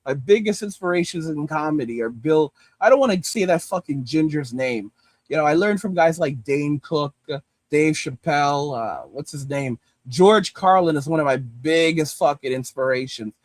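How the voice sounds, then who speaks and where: A man's voice: fairly high pitch, animated, moderate pace, no room sound, studio quality. A man with a New York accent, ranting through profane, mocking commentary as a streamer.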